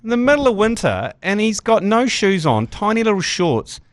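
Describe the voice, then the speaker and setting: A man's voice: high voice, normal speed, no room sound. A man with a New Zealand accent, chatting on a podcast and telling stories with plenty of swearing. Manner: sweary, animated storytelling. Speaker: podcast host. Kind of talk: casual podcast chat. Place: studio.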